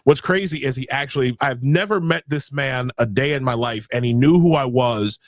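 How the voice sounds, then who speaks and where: A man's voice: mid-range voice, moderate pace, no echo. A man hosting a podcast, reading quotes aloud with sarcastic asides, swearing and stammering through restarts. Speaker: podcast host. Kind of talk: casual podcast chat, reading documents aloud.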